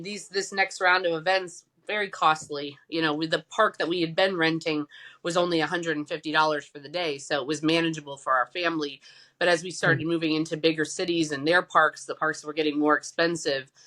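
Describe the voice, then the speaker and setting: A woman founder of a nonprofit, telling a personal story in a casual interview, animated and acting out the voices she quotes. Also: low-pitched, brisk. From United States.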